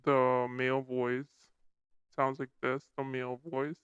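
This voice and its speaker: A woman talking through a voice changer that makes her sound like a man, flatly demonstrating it. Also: very deep voice, a little slow, clear, resonant tone, dry recording, dull audio, voice pushed down. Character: lower male-sounding voice. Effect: male voice changer.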